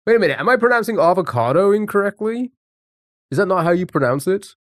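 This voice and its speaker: A man's voice: high voice, lively intonation, fast, dry recording, studio quality. A man live-streaming a word game, chatting casually and greeting viewers by name.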